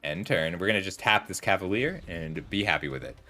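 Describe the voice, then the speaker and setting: Thirties male streamer, bright tone, chatty and rambling, faint music behind. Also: low-pitched, lively intonation, brisk. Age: 30s. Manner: rambling, chatty, talks to chat while playing. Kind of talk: casual gameplay commentary with storytelling.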